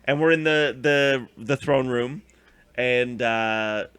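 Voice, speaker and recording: A man's voice: mid-range voice, takes it slowly, a bit bright, smooth, dry recording. A young man co-hosting a casual recap chat, rambling with lots of fillers and acting out scenes. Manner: rambling, filler-heavy, acts out scenes in funny voices. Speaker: podcast co-host.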